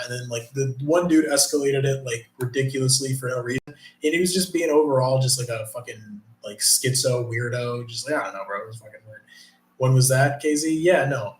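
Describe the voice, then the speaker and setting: Male streamer, mid-pitch, loose profane chat, roomy echo. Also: a little fast. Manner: profane, rambling, reads chat aloud. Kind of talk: casual live stream chat.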